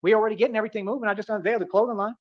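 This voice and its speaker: A man from delivers a rapid, swaggering rant. He keeps circling back to the same boasts and pet phrases. The audio is muffled and lo-fi. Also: high-pitched, steady tone. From Atlanta, United States. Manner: boastful, repetitive, keeps saying "real talk".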